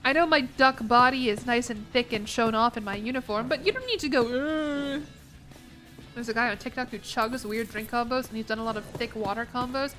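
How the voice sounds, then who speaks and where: A woman's voice: on the high side, quick pace, hardly any pauses, bright, forceful tone, faint music behind. A young American woman streaming a game, chatting in a rambling way with lots of restarts, a bit congested. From United States. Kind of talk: casual gaming stream chat.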